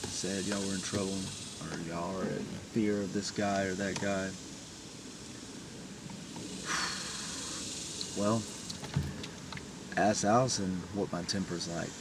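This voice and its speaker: A man's voice: deep voice, fairly even intonation, slow, creaky, long pauses. A man talking in a raw, emotional personal confession, blunt and profane. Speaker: vlogger. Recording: distant mic with vehicle noise.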